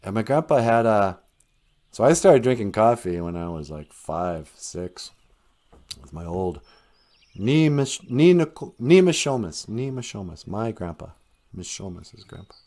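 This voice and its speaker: A man's voice: on the low side, sing-song, a little slow, dark tone. Chatty, chuckling middle-aged male storyteller. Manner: chatty and chuckling, with frequent restarts. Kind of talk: casual spoken storytelling.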